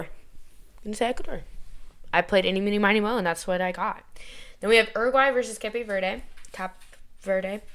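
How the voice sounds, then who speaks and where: A woman's voice: mid-range voice, a little fast, long pauses, fairly bright tone, smooth. A young woman from the United States talks to her viewers in a loose, chatty vlog. She is playful and self-mocking, rambling along at an easy pace and often laughing at herself. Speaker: vlogger. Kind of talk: casual chat.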